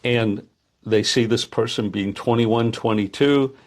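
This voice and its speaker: An older man who founded the program speaks in a relaxed interview, pausing often with fillers. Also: medium pitch. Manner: hesitant, many filler pauses. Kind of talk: conversational interview.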